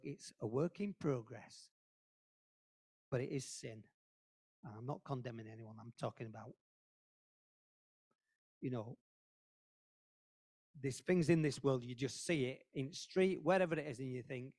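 A man's voice: medium pitch, a little slow, gravelly, pauses often, dark tone. A man giving an informal, earnest sermon to a church group, talking conversationally and repeating phrases for emphasis. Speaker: lay preacher at a church meeting.

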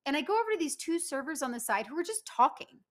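Woman podcast co-host, slightly high voice, emphatic storyteller, casual. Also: quick pace. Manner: animated, emphatic, lots of "like" fillers.

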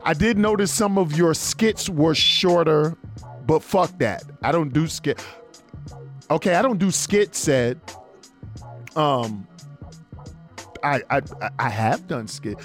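A man hosting an internet radio show, reading listener messages aloud in a loose, slangy, animated way. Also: fairly high pitch, slow, long pauses, soft background music. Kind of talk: casual radio show banter.

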